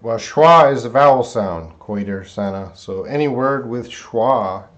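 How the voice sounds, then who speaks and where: A man teaching English pronunciation on a live stream, repeating words slowly syllable by syllable and greeting viewers by name. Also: medium pitch, lively intonation, highs cut off. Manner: drawn-out word repetition, reading viewer names.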